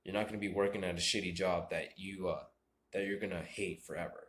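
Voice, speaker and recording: A young American man rants about fathers and respect, preachy and rambling, tripping over his words. His voice sits low. The recording is echoey, like a bare room. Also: fairly even intonation, fairly quick, fairly bright tone. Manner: rambling, repeats and restarts, preachy. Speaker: vlogger. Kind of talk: ranting monologue.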